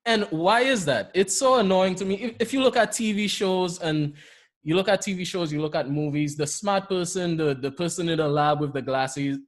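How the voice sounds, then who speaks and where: A man's voice: high-pitched, moderate pace. A man from Saint Lucia with a Saint Lucian accent, telling stories animatedly in a casual podcast chat and often laughing as he talks. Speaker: podcast co-host.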